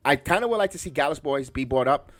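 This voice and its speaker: A man from the Bronx hosting a podcast, reviewing a wrestling show in a rambling, excitable way full of restarts. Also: mid-range voice, quick pace, no room sound. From the Bronx, New York. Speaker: podcast host.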